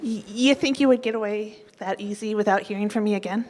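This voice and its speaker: Woman speaking at a council meeting, heartfelt and close to tears, warm public tribute. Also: mid-range voice, slight background noise. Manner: tearful, heartfelt, slowing down. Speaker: public commenter. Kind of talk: emotional tribute speech. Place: council chamber.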